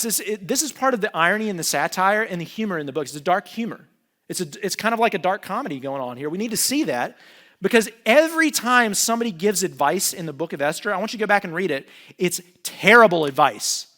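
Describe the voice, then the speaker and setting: A man preaching a sermon as pastor, talking in a casual, animated way and joking with the congregation. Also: a little high, quick pace. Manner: conversational, animated, jokes with the congregation.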